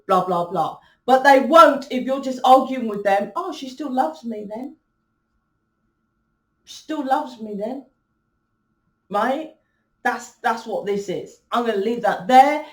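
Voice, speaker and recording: A spiritual reader speaks casually to her viewers in a somewhat high voice, delivering her reading bluntly and emphatically and swearing freely. The mic sits at a distance and the sound is reverberant.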